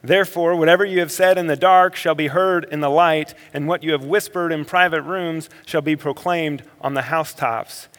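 A male pastor preaches with a slightly high voice that carries a long reverb tail, as in a church sanctuary. He pushes hard on his key points, then drops into quiet, slow reflection. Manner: swings between energetic emphasis and quiet, slow reflection. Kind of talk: sermon.

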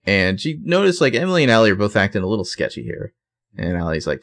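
A man's voice: lowish voice, expressive, fast, fairly bright tone. A man co-hosting a podcast, casually retelling a TV episode scene by scene with fillers and self-corrections. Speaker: podcast co-host recapping a TV episode. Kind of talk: casual chat.

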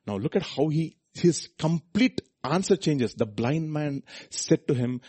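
A male preacher delivers his sermon in a husky voice. His pitch leaps and falls with lively range, loud emphatic lines giving way to quiet asides. He keeps asking the congregation rhetorical questions. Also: moderate pace. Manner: animated, swinging from loud high emphasis to soft low asides, rhetorical questions.

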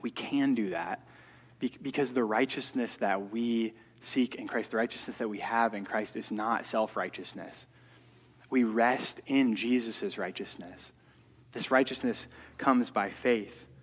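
A man with a fairly low voice delivers an earnest sermon, often doubling words as he builds each point. His voice rings with a long reverb, as if in a large hall. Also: slightly rough. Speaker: preacher.

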